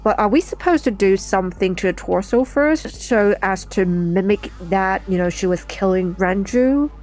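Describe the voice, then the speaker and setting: A woman giving casual let's-play commentary, thinking aloud in an unhurried, chatty way. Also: medium pitch, animated, a little mellow, soft background music. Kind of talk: casual game playthrough commentary.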